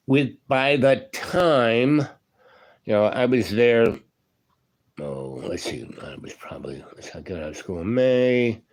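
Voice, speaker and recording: An older man in his seventies, once a union electrician, tells a story in a relaxed, wandering way. His voice sits fairly low, and he keeps circling back with "you know" and "right?". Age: 70s. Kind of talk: casual spoken storytelling.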